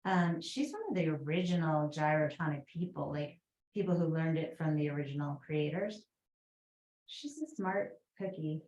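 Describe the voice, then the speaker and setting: A woman's voice: sits low, normal speed, a little mellow, reverberant, poor audio. A woman with a Boston accent teaching a guided yoga class, chatty, with rambling asides and fillers.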